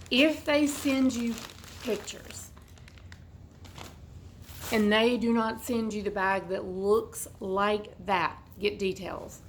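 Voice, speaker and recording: A woman with a hoarse, froggy, congested voice, chatting and rambling while she unboxes a bag at home. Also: medium pitch, a little hiss or hum, low-quality recording. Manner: rambling, chatty, goes off on tangents. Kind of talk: casual unboxing chat. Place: at home indoors.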